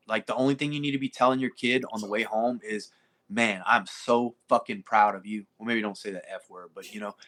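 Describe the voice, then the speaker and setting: A man's voice: mid-range voice, bright, forceful tone. A middle-aged man talking bluntly and profanely as a jiu-jitsu coach in a casual podcast chat.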